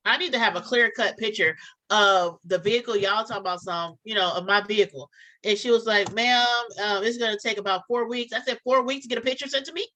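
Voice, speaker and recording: A woman's voice: mid-range voice, quick pace, bright, forceful tone, low-quality recording. A woman chatting casually, telling a story and acting out both sides of phone calls. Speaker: podcast co-host telling a story.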